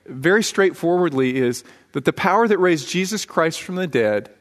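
High-voiced man preaching in a reverberant church. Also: animated, normal speed. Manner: earnest, conversational preaching with anecdotes. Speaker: pastor. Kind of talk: sermon. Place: church sanctuary. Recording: long hall reverb in a church.

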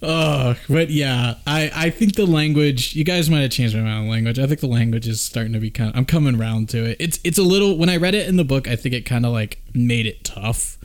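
A man co-hosting a casual podcast chat, jokey and animated and quick to laugh. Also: medium pitch. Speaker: podcast co-host.

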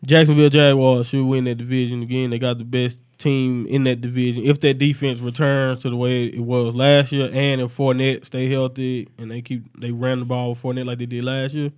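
A man giving confident, animated sports picks in a casual group chat. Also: mid-range voice, clear, resonant tone. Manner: confident, animated, quick-talking. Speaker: sports pundit.

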